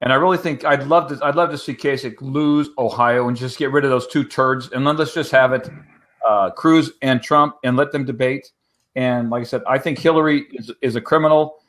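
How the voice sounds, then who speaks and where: A man on a casual political panel speaks bluntly, tossing out teasing wisecracks. His voice is mid-pitched and plain. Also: fairly even intonation, fairly quick, fairly bright tone.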